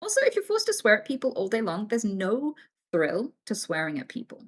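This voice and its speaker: A woman's voice: mid-range voice, wildly swooping pitch, a little fast, slightly rough. A young British woman chatting casually on a livestream, frank and swearing freely as she tells stories.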